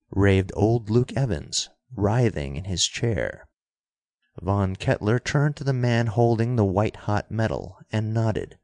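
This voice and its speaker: A man reading an adventure novel aloud as narrator, in a steady, measured way. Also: fairly low pitch, dry recording. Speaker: audiobook narrator. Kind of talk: scripted narration.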